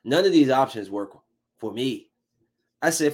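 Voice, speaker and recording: A man's voice: medium pitch, a little slow, long pauses, slightly rough. A man telling his viewers a story in a casual, heated rant full of swearing. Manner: profane, heated, animated retelling. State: angry while recounting.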